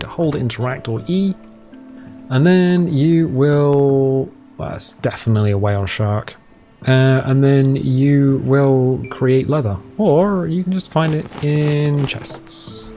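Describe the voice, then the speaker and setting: A man's voice: medium pitch, measured pace, warm tone, soft background music. A man giving casual let's-play commentary as a gaming channel host, chatty and walking through the game steps as he plays. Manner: chatty, explains game steps while playing.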